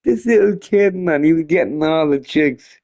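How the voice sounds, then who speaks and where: A man's voice: a little high, moderate pace, a little mellow. A drunk man rambling and joking crudely while streaming a game. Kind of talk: casual stream chat.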